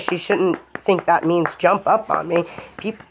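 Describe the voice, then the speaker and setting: A woman's voice: fairly low pitch, a little slow, darkish tone, a little hiss or hum. A woman dog trainer explaining a lesson to viewers while she works a puppy, giving firm short commands in between. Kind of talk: hands-on training demonstration.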